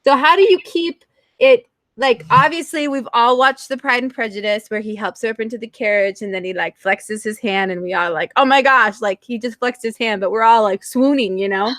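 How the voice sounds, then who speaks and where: A woman's voice: fairly high pitch, fairly quick, fairly bright tone, no room sound. A woman co-hosting a writers' talk show, playful and asking questions. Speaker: podcast co-host. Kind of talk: casual chat.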